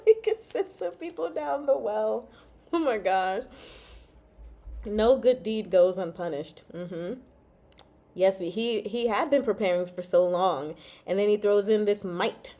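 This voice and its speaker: A woman hosts a casual book club livestream about a novel, laughing often and reading chat comments aloud. Her voice is medium-pitched and warm, with a measured pace.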